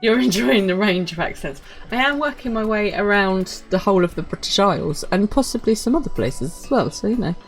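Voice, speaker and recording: A woman's voice: mid-range voice, expressive, a little fast, few pauses, soft background music. A woman streaming a video game, chatting casually and poking fun at herself as she plays. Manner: chatty, self-mocking and apologetic. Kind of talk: casual live-stream commentary.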